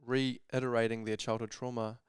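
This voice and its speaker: A man's voice: mid-range voice, little pitch movement, moderate pace, smooth, dry recording, clean studio sound. A man co-hosting a podcast, earnestly building up to a question, with stuttering restarts. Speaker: podcast co-host. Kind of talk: reflective conversational question.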